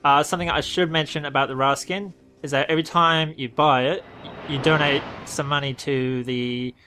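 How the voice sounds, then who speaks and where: His voice is a little high, pushed and bright, with fairly even intonation and a moderate pace, plus a little hiss or hum in the background. An Australian gaming video host, he rambles offhandedly about a game update and keeps correcting himself.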